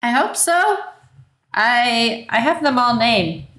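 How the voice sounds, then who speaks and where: A woman player in a tabletop game, talking in character in a playful, excitable way. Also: fairly high pitch, takes it slowly.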